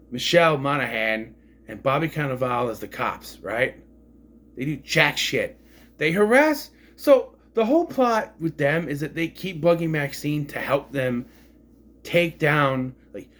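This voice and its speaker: A man's voice: a little high, fairly bright tone. A man casually reviewing a film, rambling and frank, swearing freely as he complains. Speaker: movie reviewer.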